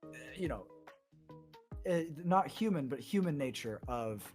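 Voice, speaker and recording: Guy rambling thoughtfully on a dnd podcast, lots of ums, mid pitch, faint music behind. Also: lively intonation, darkish tone. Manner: halting, searching for words, many fillers. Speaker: podcast host and player. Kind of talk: casual chat.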